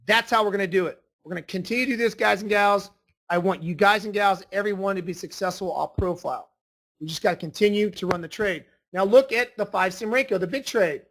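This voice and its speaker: A man's voice: high-pitched, a little fast, a bit bright. A male trading instructor talking through charts in an emphatic, repetitive, salesy way. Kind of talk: screen-share trading lesson.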